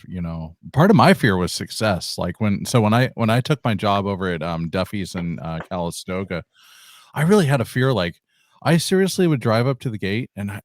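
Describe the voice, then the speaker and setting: A man with a very deep voice hosts a casual talk. He chats loosely with plenty of fillers. The sound is close and dry. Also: no echo. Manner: conversational, many "like" and "you know" fillers. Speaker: host. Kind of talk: casual interview chat.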